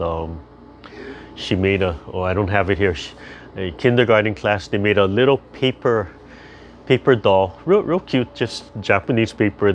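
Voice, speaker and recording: An older man with a fairly low voice leads a tai chi class over a video call, gently chatting, drifting into stories and giving calm instructions. There's slight background noise.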